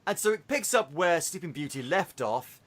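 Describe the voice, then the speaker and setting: Lively, bright-voiced man ranting on a podcast. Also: on the high side, normal speed. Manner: animated, swearing, exaggerated retelling. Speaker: podcast host. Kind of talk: casual podcast review.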